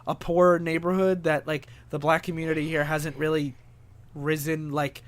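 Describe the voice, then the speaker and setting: A man's voice: fairly high pitch, little pitch movement, normal speed. A man co-hosting a casual comics podcast, enthusiastic and nerdy, peppering his talk with "like". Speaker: podcast co-host. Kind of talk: casual chat about comics.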